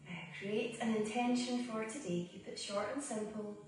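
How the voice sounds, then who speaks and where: A woman guiding a yoga and breathing practice, speaking slowly and soothingly with long pauses between cues. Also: mid-range voice, faint music behind. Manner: slow, calm, soothing guidance with long pauses. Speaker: yoga teacher. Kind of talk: guided yoga and breathing instruction. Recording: roomy echo, voice from a distance.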